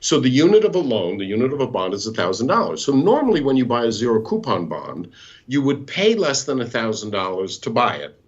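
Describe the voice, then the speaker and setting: A man guiding listeners through charts on a live show, patient and teacherly. His voice is slightly husky and moves up and down a lot. The call audio sounds dull and lo-fi. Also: medium pitch, big pitch swings, fairly quick. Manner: patient, teacherly, explains step by step. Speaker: guest bond market expert. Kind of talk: explaining charts in a live talk.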